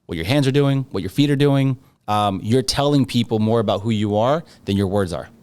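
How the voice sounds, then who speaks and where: This man speaks in a fairly low, smooth, slightly mellow voice at a fairly quick clip. He's a guest on a podcast, talking confidently about his real estate work in a conversational interview. He drives his points home emphatically with short, punchy lines he keeps repeating.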